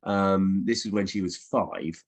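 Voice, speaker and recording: A middle-aged man with a low, unhurried voice, a children's author, chats casually with schools over a video call from his home office. He's playful, with many ums and restarts, in a relaxed virtual Q&A that includes reading aloud.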